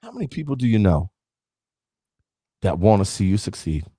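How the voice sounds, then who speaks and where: A man's voice: deep voice, animated, normal speed, mellow, dry recording, studio quality, soft background music. A man giving a live-streamed motivational talk, emphatic and preachy, often asking "right?" and greeting viewers by name. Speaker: motivational speaker.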